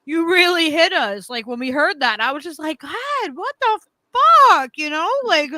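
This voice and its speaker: An animated woman co-hosting a casual panel chat, restarting and repeating words often. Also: sits high, normal speed, no echo.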